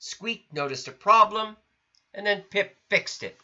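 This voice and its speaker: A man reading a children's storybook aloud in an expressive, sing-song way. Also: sits high, unhurried. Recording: lo-fi recording.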